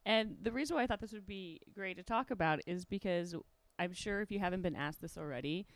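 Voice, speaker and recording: Lady hosting a chill podcast, kinda low voice, teases a lot, dry close sound. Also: a little fast, no room sound. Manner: teasing, laughs often. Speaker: podcast host. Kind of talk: casual chat. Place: bedroom.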